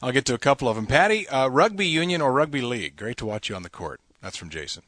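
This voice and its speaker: A man's voice: mid-range voice, very animated, fast talker, a bit bright, dry recording, studio quality. A man hosting a sports talk show, upbeat as he reads out viewer emails.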